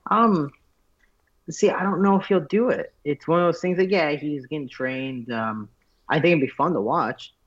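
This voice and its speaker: A man, a fighter guest, telling stories in a casual interview, animated and full of fillers. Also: fairly high pitch, normal speed, breathy edge. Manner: animated storyteller, many fillers like "like". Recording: dull lo-fi audio.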